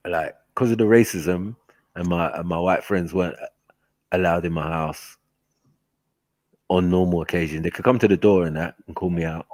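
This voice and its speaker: A man telling stories in a casual chat, animated and slangy, laughing often. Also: low-pitched, dry recording. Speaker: host.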